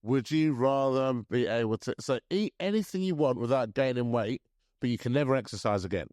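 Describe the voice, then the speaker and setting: A man in his thirties co-hosting a podcast in casual chat, chatty and quick to laugh. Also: mid-range voice, lively intonation, darkish tone, no room sound, studio quality. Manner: chatty, laughs often, restarts sentences. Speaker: podcast co-host.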